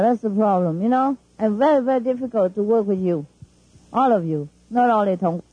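Woman spiritual teacher, husky and warm-toned, talking to followers in animated, emphatic, broken English on a dull, dry lo-fi recording. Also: mid-range voice, no echo. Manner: animated and emphatic, laughing often, non-standard English grammar. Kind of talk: informal talk to followers.

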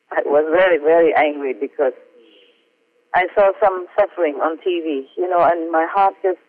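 A man reading aloud from his personal diary notes as a spiritual teacher, earnest and halting, with many fillers and small self-mocking laughs. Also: fairly high pitch, no room sound. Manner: earnest, heartfelt. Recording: tinny phone-like audio.

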